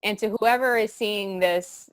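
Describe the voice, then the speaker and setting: A young woman speaks with earnest, heartfelt feeling, her thoughts rambling as she goes. Her voice sits at a middle pitch. The recording is close and dry, with no room sound. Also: measured pace, no echo. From southern Louisiana. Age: young adult. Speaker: student giving a testimonial. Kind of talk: candid testimonial chat.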